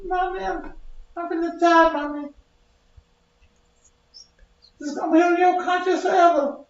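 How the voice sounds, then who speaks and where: A wailing ghost baby. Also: male voice, fairly even intonation, brisk. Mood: pleading. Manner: high wailing childish pleading. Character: ghost of an unborn baby, pleading and whiny. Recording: very echoey, dull lo-fi sound.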